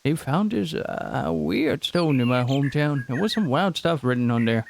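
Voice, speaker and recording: A man's voice: mid-range voice, very animated, normal speed, creaky, a little hiss or hum. Yoshida, a man putting on a chatty Southern villager. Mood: chummy. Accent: put-on American Southern. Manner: drawling, homey, calls listener buddy. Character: friendly folksy male villager, chatty know-it-all. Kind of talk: reading game dialogue aloud.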